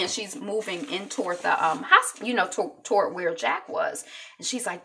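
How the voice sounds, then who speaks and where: A woman recapping a TV episode in a casual vlog. She chats loosely with lots of likes and ums. Her voice sits fairly low but sounds bright, with a gravelly crackle. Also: normal speed. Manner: chatty, full of likes and ums.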